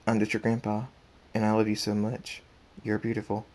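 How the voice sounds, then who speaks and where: A kind old grandfather stallion pony from a fan storybook, read by a man. The voice sits low and flat, soft and plain with small restarts. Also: fairly quick, natural voice. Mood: tender.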